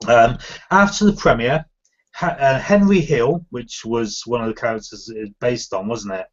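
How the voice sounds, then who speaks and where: A man's voice: mid-range voice, normal speed, dull audio. Easygoing man reading out film trivia. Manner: relaxed, agreeable, stumbles over names. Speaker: podcast co-host.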